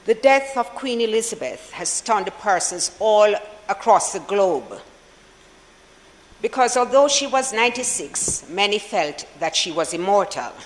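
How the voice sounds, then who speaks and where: A senator with a Jamaican accent giving a formal tribute speech for the opposition in parliament, measured and solemn, with deliberate pauses. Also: mid-range voice, very animated, big-room sound, low-quality recording. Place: senate chamber.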